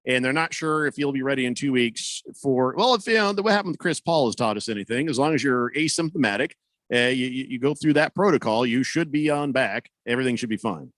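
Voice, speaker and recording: Lively, joking sports radio host, a man. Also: mid-range voice, quick pace, dry recording. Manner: rambling, joking, many fillers. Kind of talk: casual radio talk.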